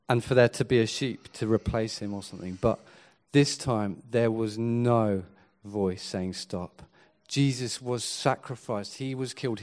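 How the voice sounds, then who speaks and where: A man preaching a sermon, earnest and swinging from quiet to emphatic. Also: mid-range voice.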